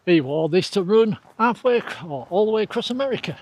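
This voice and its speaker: A man's voice: high voice, lively intonation, brisk, a little mellow. A middle-aged man, chatting casually to an action camera outdoors and laughing often at himself. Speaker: trail running vlogger. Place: outdoors on a trail.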